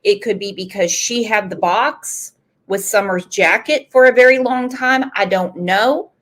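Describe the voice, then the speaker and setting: A woman's voice: mid-range voice, measured pace, a bit bright. A woman hosting a true crime commentary show, opinionated and full of rhetorical questions. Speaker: host.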